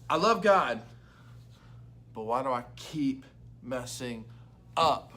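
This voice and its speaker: A young adult man, a youth pastor, giving an energetic, loud and chatty devotional talk to camera. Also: mid-range voice, takes it slowly, pauses often.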